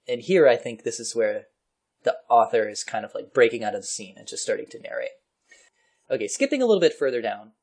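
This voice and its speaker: Animated man reading history aloud. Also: mid-range voice, brisk, husky. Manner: animated reading with laughs and asides. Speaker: podcast host reading a historical article. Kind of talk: casual chat and reading aloud.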